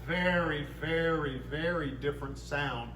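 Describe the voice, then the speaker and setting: Middle-aged male organist, patient teacher, slightly high voice, echoey chapel. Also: a little slow, music in the background. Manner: patient, step-by-step explaining. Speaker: church organist. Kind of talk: explanatory demonstration. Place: small church chapel by the organ.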